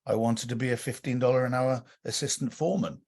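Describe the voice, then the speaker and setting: A man's voice: medium pitch, steady tone, quick pace, darkish tone, breathy edge. A man talking casually as an interview guest, rambling with frequent restarts and fillers.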